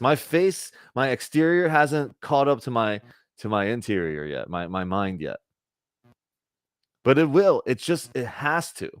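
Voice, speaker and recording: A man's voice: mid-range voice, clear, resonant tone, no room sound, studio quality. A man giving a conversational spiritual talk to a group, often checking in with "right?" and acting out little bits of dialogue. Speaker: spiritual teacher.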